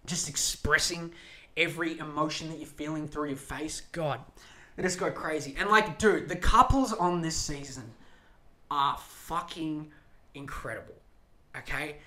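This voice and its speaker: A young man on a podcast, rambling animatedly with frequent swearing and self-interruptions. His delivery is loose and chatty, jumping between loud outbursts and mutters. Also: a little high, a little slow. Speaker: podcast host. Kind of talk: casual ranting chat.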